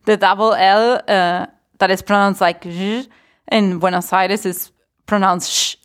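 A woman's voice: mid-range voice, level tone, a little slow. A woman whose first language is Spanish, a guest on a podcast, speaking in a thoughtful, hesitant way. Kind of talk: casual chat.

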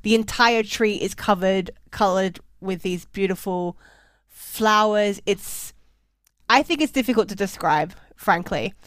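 A woman's voice: medium pitch, a little slow, dry recording. Australian woman from perth, young, joking about herself, laughs a lot, dry close mic. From Perth, Western Australia. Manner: wry, self-mocking, laughs often. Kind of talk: casual chat.

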